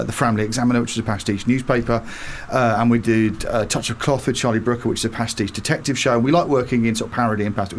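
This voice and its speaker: A man who writes comedy, a guest on a casual podcast, telling a story quickly and eagerly. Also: mid-range voice, slight background noise.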